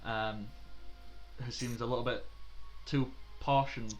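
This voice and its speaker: A man's voice: mid-range voice, fairly even intonation, slow pace, a little hiss or hum. A man narrating as game master of a tabletop role-playing game, chatty with frequent fillers and laughs.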